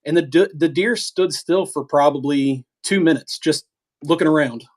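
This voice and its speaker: A middle-aged man telling a story in a casual, animated way, halting with restarts and acting out what was said. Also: fairly high pitch. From eastern United States. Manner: animated, halting with restarts, acts out quoted talk. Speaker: podcast co-host telling a hunting story.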